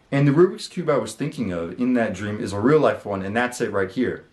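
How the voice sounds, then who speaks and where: A man of middle pitch telling a story in a loose, rambling way, full of fillers and casual cursing. He is recorded in his own room, and the sound carries a noticeable roomy echo. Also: expressive, a little fast. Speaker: channel host.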